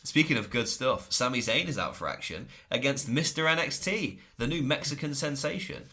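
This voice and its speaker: A man's voice: medium pitch, lively intonation, normal speed, bright, forceful tone. A man co-hosting a podcast, recapping in casual chat, enthusiastic and laughing often. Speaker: podcast co-host.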